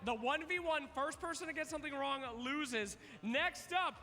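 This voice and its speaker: A man's voice: very high voice, normal speed, sharp tone. A man hosting a live trivia contest on stage, playful and teasing as he counts down answers. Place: large event hall. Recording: long arena reverb.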